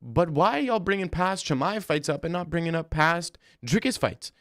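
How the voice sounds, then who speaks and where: A man's voice: fairly high pitch, lively intonation, moderate pace, a bit bright, dry recording, clean studio sound. Rambling slangy young man streaming. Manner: rambling, slangy, says "bro" often. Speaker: livestream host. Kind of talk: casual livestream chat reading viewer comments.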